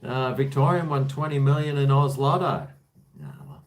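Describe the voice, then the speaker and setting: A man's voice: medium pitch, lively intonation, normal speed. A man chatting casually on a livestream, rambling with chuckles and answering viewers' comments. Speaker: livestream host.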